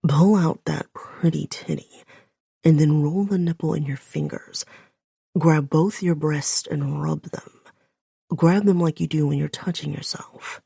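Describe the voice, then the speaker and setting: Woman doing a growling, raspy commanding man. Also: fairly even intonation, dark tone, no room sound, studio quality, heavily acted. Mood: low commanding. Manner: slow, low, commanding.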